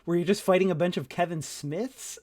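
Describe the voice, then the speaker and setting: Higher-voiced guy on a movie podcast, blunt and grumpy about stuff. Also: brisk, a crowd in the background. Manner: wry, blunt, grumbling. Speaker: podcast co-host. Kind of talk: casual group chat about movies.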